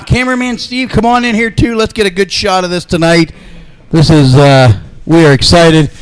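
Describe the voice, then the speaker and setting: A man's voice: high-pitched, normal speed, clean tone. A man interviewing wrestlers in the ring, hyped up and eager. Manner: excitable, hyped-up.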